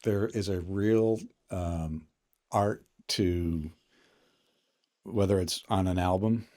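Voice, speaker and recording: A middle-aged man with a low voice talks through his stories as a podcast guest. He is loose and easygoing, laughing as he goes and often restarting a sentence before he lands it. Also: slow pace. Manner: relaxed, chuckling, trailing restarts. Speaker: podcast guest, finance executive. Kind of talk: casual storytelling chat.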